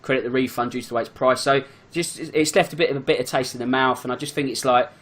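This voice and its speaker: A man chatting casually on a football podcast as a fan and season ticket holder, in a quick, chatty way full of fillers. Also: mid-range voice, steady tone, a bit bright. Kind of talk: casual chat.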